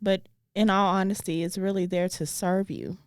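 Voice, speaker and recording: A woman's voice: medium pitch, steady tone, moderate pace, smooth, no echo, clean studio sound. A woman co-hosting a casual chat, talking through faith in an earnest, thoughtful way. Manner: earnest, thoughtful, gets briefly emotional. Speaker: comedian and co-host.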